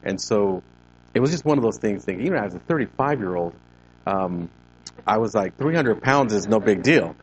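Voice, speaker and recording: A man's voice: on the low side, expressive, normal speed, slight background noise, rough recording. A man in his fifties, a ministry leader, telling a personal story to a group in a gym, acting out the conversations he recalls. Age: 50s. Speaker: ministry leader giving a talk. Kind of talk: personal testimony talk to a group. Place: CrossFit gym.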